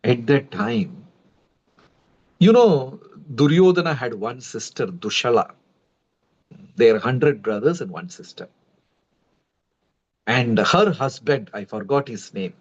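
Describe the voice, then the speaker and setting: A man, a preacher telling a devotional story in a conversational, animated way and speaking to his viewers. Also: medium pitch, slow, long pauses. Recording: dull lo-fi livestream audio.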